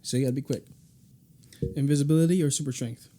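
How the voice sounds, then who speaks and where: A young man hosts a casual podcast and runs a rapid-fire question game. He sounds playful and quick, and laughs easily between questions. His pitch sits in the middle. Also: steady tone, dark tone, slight background noise. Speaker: podcast host.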